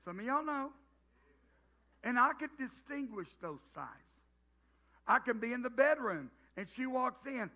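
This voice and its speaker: High-voiced Southern pastor, folksy. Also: male voice, lively intonation, unhurried, pauses often. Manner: folksy, joking, with frequent restarts. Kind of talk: sermon. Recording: dull lo-fi sound.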